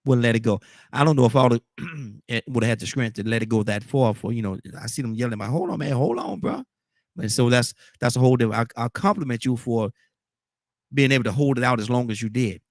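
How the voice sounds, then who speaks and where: A man hosting a call-in radio talk show, speaking in a steady, affirming way. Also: mid-range voice, fast, dry recording, clean studio sound. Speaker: radio host.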